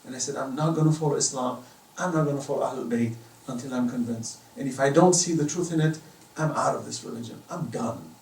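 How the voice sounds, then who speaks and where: A man's voice: mid-range voice, brisk, vocal fry, a little mellow. A middle-aged man giving an impassioned religious lecture in a private home, pressing his points with emphatic rising questions. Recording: roomy echo, distant from the mic.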